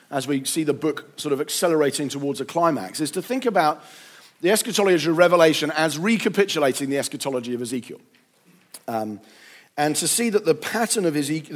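A man with a somewhat high voice gives an unscripted lecture on scripture. He thinks aloud as he goes, pausing on ums and restarting his sentences.

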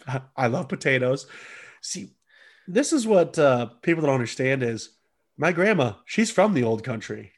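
A man's voice: mid-range voice, sing-song, moderate pace. A man co-hosting a casual podcast chat, joking around and laughing often. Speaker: podcast co-host.

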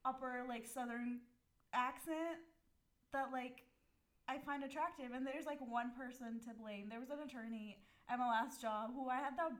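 High-voiced chatty young woman. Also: moderate pace. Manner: chatty, laughs often, many fillers. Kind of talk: casual chat.

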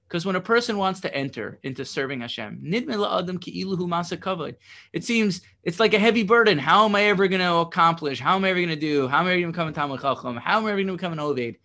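A man's voice: on the high side, bright, forceful tone. A man teaching a religious text lesson, reading passages and translating them, explaining with rhetorical questions and a frequent "right?".

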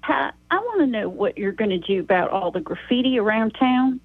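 A woman's voice: a little high, lively intonation, fairly quick, slightly rough. An older woman calling a radio show with indignant complaints. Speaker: caller. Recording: tinny phone line.

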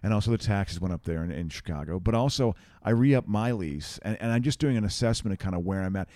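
A man's voice: lowish voice, quick pace, warm tone, no room sound, studio quality. A man co-hosting a casual podcast chat, rambling and restarting his sentences and laughing easily. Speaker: podcast co-host. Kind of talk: casual chat while watching an awards show.

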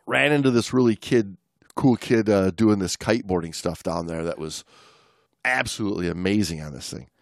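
A man's voice: fairly low pitch, normal speed, dry recording, studio quality. Rambling, laughing male podcast co-host. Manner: rambling, laughing storyteller with many restarts. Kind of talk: casual chat.

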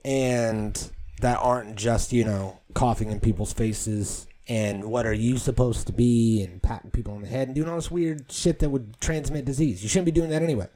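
Casting note: male co-host, mid pitch, loose jokey delivery. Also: moderate pace, hardly any pauses, dark tone, a little hiss or hum. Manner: joking, puts on silly voices in quotes. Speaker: podcast co-host. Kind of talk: casual crude banter.

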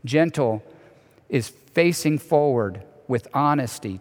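A man preaching a sermon as pastor, animated, sometimes dropping to a soft hushed voice. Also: mid-range voice, measured pace. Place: church sanctuary. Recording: long reverb of a large hall.

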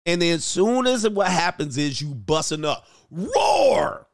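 A man's voice: fairly high pitch, lively intonation, moderate pace, no echo, studio quality. A middle-aged man hosting a relationship coaching show, giving blunt, profane commentary on a news story and lecturing his listeners.

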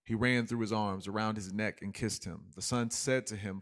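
A man preaching a sermon, telling a story and dropping to quiet emphasis. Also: on the low side, fairly even intonation, normal speed, few pauses.

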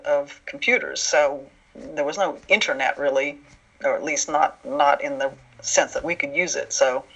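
A man being interviewed about writing an animated series, who tells stories in a relaxed, chatty way and acts out the voices of people he quotes. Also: on the high side. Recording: dull lo-fi sound.

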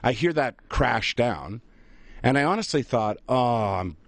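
A middle-aged man, a radio host telling a funny travel story in a lively, self-mocking way. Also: medium pitch, a little slow, no echo. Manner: animated, self-mocking storyteller who laughs at his own tale. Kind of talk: casual on-air storytelling.

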